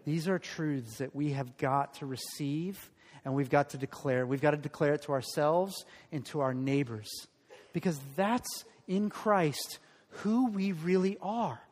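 A man's voice: a little high, measured pace, darkish tone. A man preaching a sermon as pastor, earnest and emphatic, leading the congregation in call-and-response declarations. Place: church sanctuary. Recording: hall reverb.

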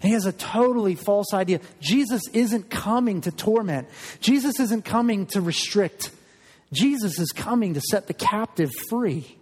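Male pastor, earnest sermon, emphatic, higher-pitched voice, long echoing church reverb. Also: lively intonation, moderate pace, breathy edge. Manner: earnest and emphatic, repeats words.

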